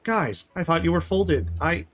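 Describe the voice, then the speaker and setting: A man's voice: a little high, unhurried, fairly bright tone, soft background music, voice pushed up. A man doing a scared, pleading game hero. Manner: pleading, calling out.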